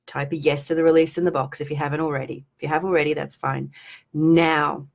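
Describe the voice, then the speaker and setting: A woman with a low, deep-set voice leads viewers through an energy-release exercise on a live stream. She talks casually and then slows right down, her voice softening almost to a whisper as she guides them. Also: flat delivery, vocal fry. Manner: soft, slow guiding voice that drops to a near whisper. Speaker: spiritual teacher.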